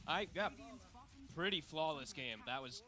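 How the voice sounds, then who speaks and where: A man's voice: fairly high pitch, expressive. A man giving analytical commentary on an esports match, breaking down plays in detail. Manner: rapid, detailed breakdowns with light laughs.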